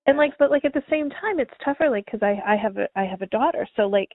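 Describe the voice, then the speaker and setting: A woman's voice: on the high side, animated, quick pace, dry recording. A woman in her thirties co-hosting a podcast, rambling in casual chat, full of "like" and giggles. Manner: says "like" constantly, rambling and giggly. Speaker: podcast co-host. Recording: dry, tinny phone-like sound.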